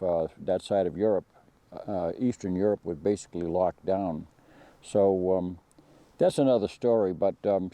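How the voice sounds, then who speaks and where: A man's voice: on the low side, mellow, dry recording. A man hosting a firearms channel, talking through a rifle review in a rambling way with many fillers and restarts. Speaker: gun channel host. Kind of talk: casual spoken product review.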